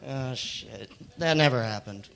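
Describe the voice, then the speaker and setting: A young American man doing a stand-up set, rambling and deadpan with lots of fillers. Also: mid-range voice, unhurried, creaky. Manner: laid-back, rambling, deadpan jokes with fillers. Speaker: stand-up comedian. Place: comedy club stage. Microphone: handheld stage mic. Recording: noisy club recording. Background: audience noise.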